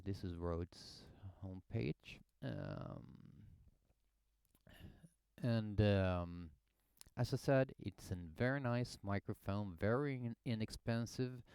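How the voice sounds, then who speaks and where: Man, low-ish voice, gear reviewer explaining a mic test in a dead-dry home studio, unhurried and hesitant. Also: darkish tone, clear, resonant tone, no room sound. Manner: explanatory, thinking aloud, hesitant. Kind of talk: casual microphone demo. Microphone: headset and studio condenser mic.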